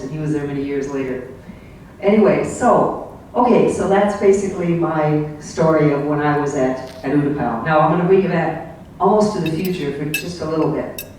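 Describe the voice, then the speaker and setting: A man's voice: a little high, a little mellow. An older man giving a casual slide presentation to a club, rambling and anecdotal with plenty of ums and asides. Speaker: club guest speaker. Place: club meeting room. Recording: very echoey room, voice far from mic, faint hiss.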